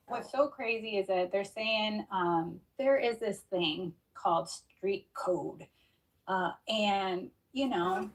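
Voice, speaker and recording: Chatty woman, slightly distant mic. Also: medium pitch. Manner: chatty and rambling, many fillers. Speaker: criminal defense attorney, commentator. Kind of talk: casual commentary on a news story.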